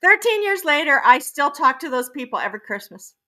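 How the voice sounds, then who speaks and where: A woman's voice: high-pitched, sing-song, fairly quick, bright, forceful tone. A woman, a guest realtor, sharing stories in a giggly way, laughing as she talks. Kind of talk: casual storytelling chat.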